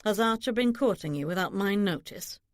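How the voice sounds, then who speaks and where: A woman reading an audiobook, voicing a young nobleman who speaks in a low, flat, controlled way. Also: normal speed, no echo, clean studio sound, lightly acted. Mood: stern. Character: young nobleman, protective, wolfish temper.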